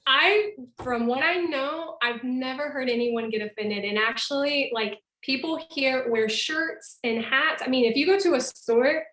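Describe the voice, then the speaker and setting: A woman's voice: high-pitched, a little slow, hardly any pauses, a bit bright, echoey room, rough recording. A woman giving a casual online presentation from where she lives, explaining with examples and laughing often. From North America. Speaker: presenter living in Costa Rica.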